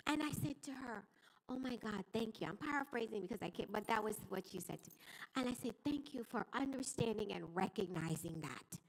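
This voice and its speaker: A woman's voice: a little high, expressive, brisk, rough recording. An older woman, a veteran teacher, making an earnest, impassioned plea during public comment at a school board meeting. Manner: earnest, pleading, rising with emotion.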